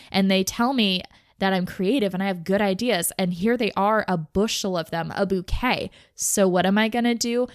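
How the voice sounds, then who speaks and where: A young woman hosting a podcast, talking candidly and casually, often in quick bursts peppered with "like". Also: medium pitch, no echo, studio quality. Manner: chatty, candid, fast bursts with frequent "like". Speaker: podcast host. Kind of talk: casual personal talk on mental health.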